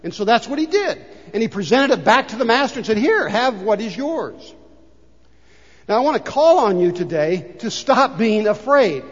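An older man preaching a sermon as a pastor, swinging between loud emphasis and hushed asides. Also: high-pitched, sing-song, brisk. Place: church sanctuary. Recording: dull reverberant church recording.

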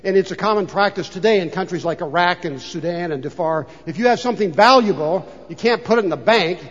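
An older man preaching a sermon as a pastor, swinging between loud emphasis and hushed asides. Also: sits high, fast. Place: church sanctuary. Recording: dull reverberant church recording.

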